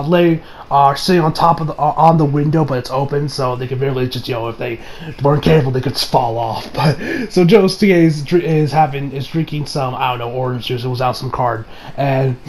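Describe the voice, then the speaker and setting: A man's voice: on the high side, a little mellow, a little hiss or hum. Rambling man recapping an anime episode. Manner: rambling, laughing, joking asides. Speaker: anime reviewer.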